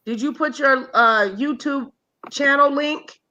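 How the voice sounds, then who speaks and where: A woman hosts a casual chat with a bright, sharp tone and a fairly high voice. She takes her time, drawing her words out playfully. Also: takes it slowly, dull audio. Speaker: host.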